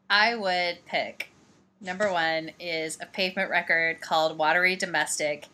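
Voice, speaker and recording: A woman's voice: lowish voice, steady tone, measured pace, pushed and bright. A woman from Missouri in her thirties, co-hosting a podcast in casual chat, giggly and rambling with fillers. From Missouri, USA. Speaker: podcast co-host.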